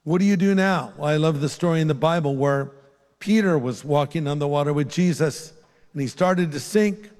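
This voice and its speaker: Earnest older preacher in a reverberant hall. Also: male voice, fairly high pitch, moderate pace. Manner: earnest, pleading, lifts his voice on key phrases and drops soft for prayer. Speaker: pastor. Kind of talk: sermon closing in an altar-call prayer. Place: large church hall with a live congregation.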